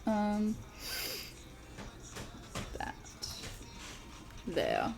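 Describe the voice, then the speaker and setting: A woman talks her way through a craft stream at home in an unhurried, meandering way. She rambles and restarts her sentences often, and her voice sits at an ordinary middle pitch. Soft music plays faintly behind her. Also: wildly swooping pitch, vocal fry. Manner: rambling, many fillers and restarts. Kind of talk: casual livestream chat while crafting.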